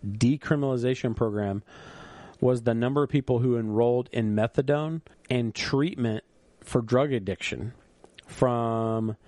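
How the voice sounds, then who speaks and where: A man's voice: mid-range voice, a little mellow, no room sound. Earnest middle-aged male podcast host. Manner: earnest, reflective, storytelling. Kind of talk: casual solo podcast monologue.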